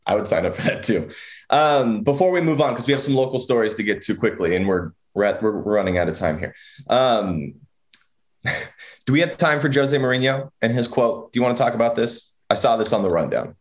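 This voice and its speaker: A man's voice: medium pitch, lively intonation, normal speed. A man co-hosting a sports talk show, chatting casually and teasing with frequent laughs.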